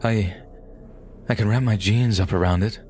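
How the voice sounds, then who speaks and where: A man voicing a badly injured twenty-year-old man, shaky, halting and pleading. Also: on the low side, a little mellow, slight background noise, close to an everyday voice. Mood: frightened.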